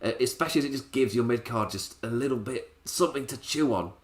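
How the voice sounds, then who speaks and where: A man's voice: mid-range voice, quick pace. A man reviewing a wrestling show in a casual, sarcastic way, often laughing. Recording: roomy echo.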